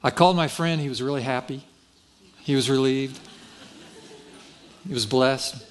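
A pastor preaching a sermon, telling a story in a folksy, self-deprecating way and acting out the dialogue. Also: male voice, medium pitch, unhurried.

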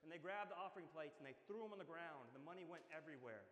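A man, a priest giving a measured, explanatory sermon and acting out the quotes he tells. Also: on the high side, a bit bright. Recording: echoey church with long reverb.

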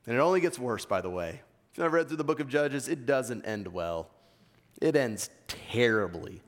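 Long hall reverb surrounds a pastor's sermon, delivered by a man with an East Coast American accent who reads scripture and presses his points earnestly. His mid-range voice is expressive and moves at a moderate pace.

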